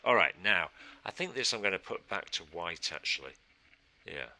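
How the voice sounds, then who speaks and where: A man's voice: deep voice, animated, moderate pace, sharp tone. A man teaching a casual design tutorial, thinking aloud and answering his own questions as he works. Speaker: design instructor. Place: studio.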